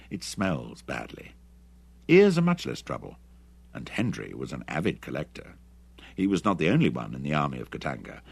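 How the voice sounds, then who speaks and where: A man narrating an adventure novel audiobook in an expressive, dramatic reading. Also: rumbling low, vocal fry, husky, dry recording. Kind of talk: scripted narration.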